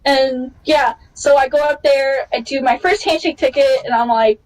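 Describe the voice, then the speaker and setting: A woman's voice: normal speed, poor audio. A woman hosting a podcast, telling a travel story in casual chat and acting out what people said. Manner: excitable storyteller, acts out quotes with big pitch jumps. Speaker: podcast host.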